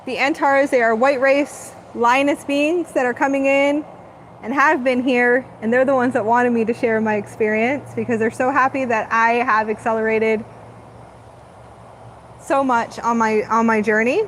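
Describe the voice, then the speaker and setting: Woman, spiritual channeling host, rambling and dreamy, slightly high pitch, faint background noise. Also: steady tone, moderate pace, low-quality recording. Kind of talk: live spiritual channeling talk.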